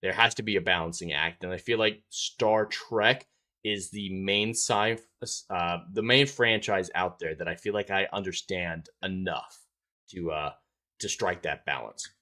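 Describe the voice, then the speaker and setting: A man's voice: deep voice, a little slow, pushed and bright. A man hosting a live stream, chatting casually, reading out viewer comments and laughing often.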